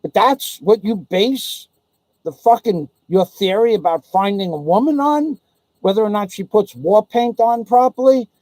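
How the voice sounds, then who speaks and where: A man's voice: sits high, a little slow, a little mellow, no room sound, rough recording. A man vlogging in an indignant, profane storytelling rant. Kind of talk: ranting monologue.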